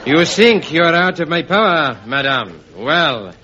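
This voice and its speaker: Sleazy cartoonish french revolutionary, heavy fake french accent, muffled old tv sound with hiss. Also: male voice, fairly high pitch, very animated, measured pace, crowd noise. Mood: scheming. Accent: put-on comic French. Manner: leering, punning, theatrical. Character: lecherous scheming French revolutionary envoy, male. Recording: muffled old broadcast, hiss, audience laughter.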